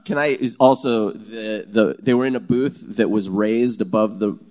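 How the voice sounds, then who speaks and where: Low-voiced man with dry wit. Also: normal speed. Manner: dry, deadpan asides. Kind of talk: live comedy podcast chat. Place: live stage before an audience.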